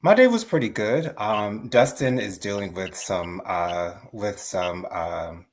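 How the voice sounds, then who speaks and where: A man's voice: on the low side, lively intonation, slow pace. A man co-hosting a casual chat, playful and flamboyant, calling people girl and honey. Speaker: co-host.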